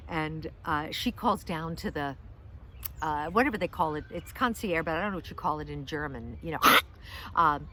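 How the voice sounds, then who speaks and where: Outdoors in a park, a middle-aged American vlogger and comedian tells a meandering, self-mocking story in a casual vlog, full of fillers and restarts. Her voice is deep and a bit bright, with slight background noise.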